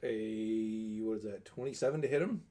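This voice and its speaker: A man's voice: lowish voice, moderate pace, warm tone, slight background noise. A man playing a tabletop game over a call, working out his moves aloud with hesitant fillers. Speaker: player.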